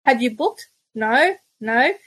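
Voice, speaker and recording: A woman's voice: on the high side, animated, slow pace, a bit bright, breathy edge, dry recording, low-quality recording. A middle-aged Australian woman, a podcast guest, telling stories in casual chat and laughing often. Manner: chatty storyteller, laughs often.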